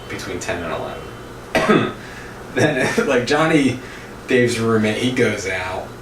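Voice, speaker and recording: A young man casually telling a road-trip story, laughing often and acting out loud quotes. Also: low-pitched. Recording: roomy, distant mic with noise.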